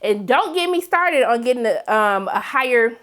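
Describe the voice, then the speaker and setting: A talkative woman with a high voice runs through a TV episode in a casual vlog recap. She is opinionated and speaks directly to her viewers. She slips into the characters' lines as she tells what happened. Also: lively intonation, moderate pace, a bit bright. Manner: chatty and opinionated, talks straight to viewers; breaks into acted quotes of characters. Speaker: TV recap reviewer.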